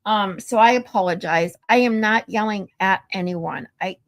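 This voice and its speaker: A woman hosting a casual livestream, chatting and swearing freely, her voice getting louder when she is irritated. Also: mid-range voice, normal speed. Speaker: livestream host.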